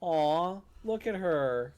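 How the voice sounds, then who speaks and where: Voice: mid-range voice, expressive, very slow, very noisy. A co-streamer chatting casually during a game stream, laid-back and dry with short replies.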